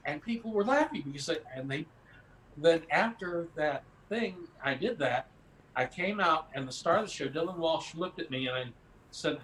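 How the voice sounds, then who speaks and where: An older actor chatting in a rambling, anecdotal way, chuckling between stories. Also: male voice, a little high, moderate pace, a bit bright, slight background noise. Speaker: actor guest. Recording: roomy echoey sound.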